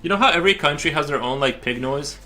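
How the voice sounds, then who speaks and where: A man's voice: on the high side, quick pace, sharp tone, faint music behind. A man chatting casually on a live stream while he draws, rambling with frequent restarts and fillers. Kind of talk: casual livestream chat. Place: home studio while drawing.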